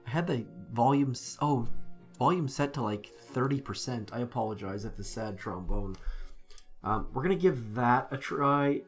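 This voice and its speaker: A man's voice: mid-range voice, expressive, moderate pace, faint music behind. A man commenting casually on a live game stream, rambling and correcting himself as he talks to his chat.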